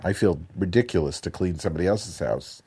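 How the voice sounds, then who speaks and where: A man with a lowish voice tells a meandering story and keeps dropping profanity along the way. He sounds casual and self-deprecating, like he's chatting with a friend on a podcast. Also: animated, a little fast, dark tone, husky. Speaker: podcast co-host. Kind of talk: crude casual chat.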